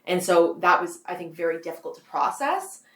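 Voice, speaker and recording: A woman's voice: lowish voice, sing-song, fairly quick, a bit bright, echoey room. A Canadian woman in her twenties, a guest author in a casual interview, rambling and filling her talk with "like". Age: 20s. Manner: rambling, heavy use of "like", frequent laughs.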